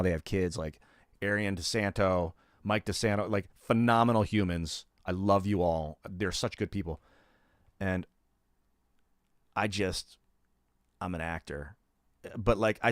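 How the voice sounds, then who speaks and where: A middle-aged man tells stories from his life on a live stream, rambling loosely with plenty of fillers and swearing. His voice sits low, and the recording is dry with clean studio sound.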